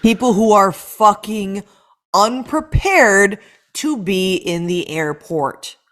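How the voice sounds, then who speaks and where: A woman's voice: mid-range voice, lively intonation, slow, a bit bright. A woman co-hosting a roundtable podcast, ranting in a profane, exasperated way. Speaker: podcast co-host. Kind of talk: roundtable chat.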